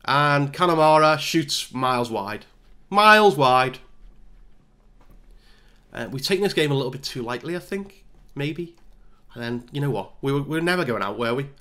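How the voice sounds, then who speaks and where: A man's voice: medium pitch, lively intonation, normal speed, pushed and bright. A man giving casual, self-mocking play-by-play commentary over a football management game. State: out of breath. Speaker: gaming YouTuber.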